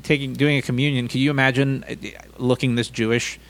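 A young man chatting on a podcast, rambling and self-deprecating with quick jokes. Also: mid-range voice, level tone. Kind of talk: casual podcast chat.

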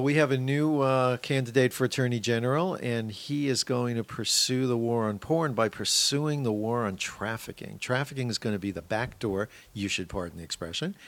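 Gravelly-voiced man explaining calmly. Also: mid-range voice. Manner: measured, explaining with wry asides. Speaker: guest expert. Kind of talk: explanatory interview talk. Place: small podcast studio.

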